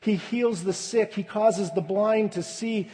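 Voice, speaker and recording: A man preaching a sermon in an unhurried, deliberate way, his fairly high voice dropping to a hush at tender moments. The sound carries the long reverb of a large hall, as if recorded in a church. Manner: slow, measured preaching with soft, hushed dips. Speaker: pastor.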